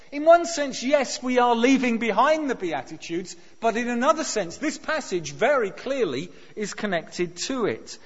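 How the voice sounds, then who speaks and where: A man preaching a sermon, emphatic, pushing key words up to near shouts. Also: very high voice. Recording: dull sound with long hall reverb.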